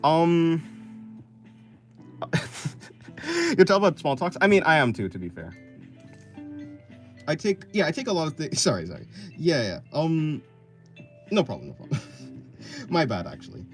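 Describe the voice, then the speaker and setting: A man's voice: on the high side, wildly swooping pitch, normal speed, pauses often, soft background music. A man chatting casually on a live stream, answering chat in a rambling, self-correcting, offhand way and laughing often. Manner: offhand, apathetic.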